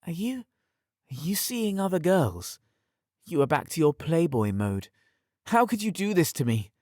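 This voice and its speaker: A clingy young werewolf woman, as a male narrator puts her on, in a raised voice that is breathy and pleading. She swoops widely in pitch, and the recording is close and dry. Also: expressive, slow pace, a little mellow, dry recording. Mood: hurt.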